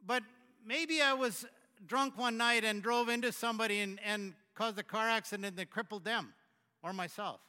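A man with a high, bright voice delivers a sermon as the pastor. He speaks in a conversational way with frequent restarts, rising loud and then dropping to a hush. His voice carries through a hall with a long reverb. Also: smooth. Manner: conversational, halting restarts, swings from loud to hushed.

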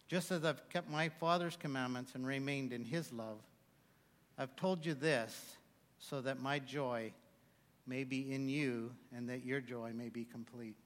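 A man's voice: medium pitch, fairly bright tone. A man preaching a sermon, mixing scripture readings with joking, self-mocking asides. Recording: long hall reverb.

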